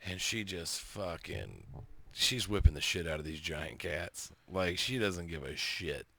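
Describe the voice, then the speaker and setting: A man, co-hosting a podcast, telling animated stories, laughing and swearing. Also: low voice, unhurried, creaky. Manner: laughing, profane, animated storyteller. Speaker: podcast co-host. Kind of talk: casual chat.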